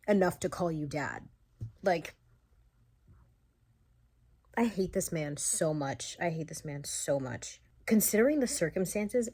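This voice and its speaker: A young woman vlogging her reactions to a book, animated and ranting, full of "like" fillers and the odd swear. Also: fairly low pitch. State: sleepy late at night. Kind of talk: casual reading vlog reactions.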